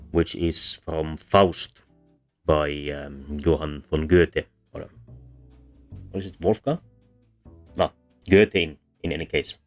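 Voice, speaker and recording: A man's voice: a bass voice, slow pace, pauses often. A man giving a casual, hesitant lecture on linguistics, with frequent ums and restarts. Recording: soft background music under voice.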